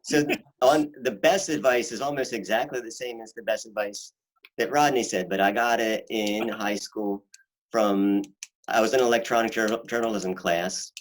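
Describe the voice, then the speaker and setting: Band member, male, fairly low voice, loose rambling storyteller who laughs a lot. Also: steady tone, moderate pace, low-quality recording. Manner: rambling, laughs often, restarts. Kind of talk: casual chat.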